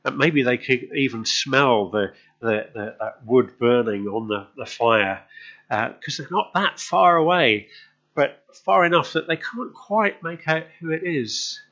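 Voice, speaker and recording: A man's voice: medium pitch, lively intonation, measured pace, a bit bright, highs cut off. Man preaching a conversational sermon. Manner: conversational storytelling, asks the congregation questions.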